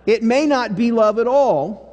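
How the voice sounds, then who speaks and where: Folksy pastor preaching in a hall. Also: male voice, extremely high pitch, animated, measured pace. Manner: folksy storytelling, drops to a hush for serious parts. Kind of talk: sermon. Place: church sanctuary. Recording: church hall reverb.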